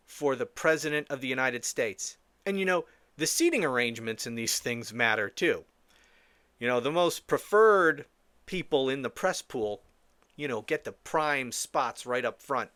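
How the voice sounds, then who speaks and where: A man's voice: a little high, a bit bright, dry recording. A man hosting a solo political commentary podcast, blunt, scornful and profane, rambling with frequent restarts. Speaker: podcast host.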